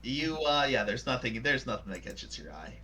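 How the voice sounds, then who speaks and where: A man's voice: mid-range voice, sing-song, normal speed, sharp tone, poor audio. A man running a tabletop game as game master, playful and teasing, with frequent hesitations.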